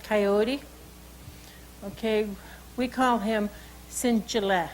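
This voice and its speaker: Woman cultural educator, high-ish voice, relaxed conversational storyteller. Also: slight background noise, poor audio. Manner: unhurried, conversational, with frequent asides. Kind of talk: oral storytelling and language lesson.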